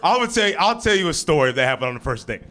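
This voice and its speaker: Male stand-up improvising on stage: bright, punchy voice pitched a touch high, loose stop-start delivery, chuckling mid-bit. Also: sing-song, rapid-fire. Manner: rambling, laughing, stop-start storytelling. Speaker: stand-up comedian. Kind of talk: improvised stand-up from audience suggestions. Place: comedy club stage.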